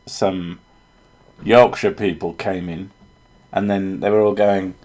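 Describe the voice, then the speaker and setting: A man's voice: on the low side, level tone, takes it slowly, a little mellow. A man from England, joking and swearing in a casual chat as a streamer. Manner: joking, swears freely, slips into silly voices.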